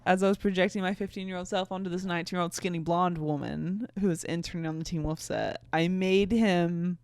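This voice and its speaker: A woman's voice: on the low side, steady tone, a little fast, smooth, no echo, studio quality. A tipsy young woman from North Carolina, hosting a podcast and reading her teen fanfic aloud with giggly, self-mocking asides. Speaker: podcast host.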